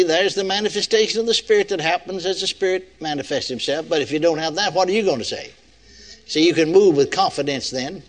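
Older male preacher with a high, lively voice. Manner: folksy, asks the congregation rhetorical questions. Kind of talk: sermon.

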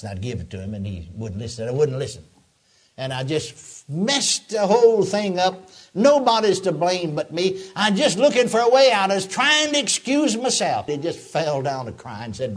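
An older preacher with a husky voice and a slightly raised pitch. His sermon swings widely in tone, acting out quotes and dropping low when it turns tender. He chuckles often through the story. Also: normal speed. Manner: animated, acts out quotes, drops to soft tones, chuckles often.

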